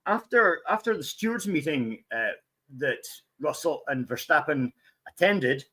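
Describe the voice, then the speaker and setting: A man's voice: fairly high pitch, very animated, a little slow, sharp tone. A man guest-hosting a casual motorsport commentary chat, rambling and jokey with many fillers. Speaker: guest host.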